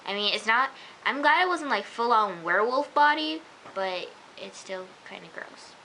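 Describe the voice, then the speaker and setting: A woman's voice: on the high side, animated, moderate pace, pushed and bright, rough recording. A teenage woman chatting casually through an episode review, gushing and peppering her talk with "like" and "oh my gosh.". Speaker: vlogger. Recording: faint hiss.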